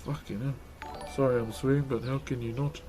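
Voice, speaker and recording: A man's voice: medium pitch, steady tone, fast, warm tone, slight background noise. A New Zealand man livestreaming as he carves wood, chatting casually with viewers, swearing often and thanking them as brother. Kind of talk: casual chat to stream viewers.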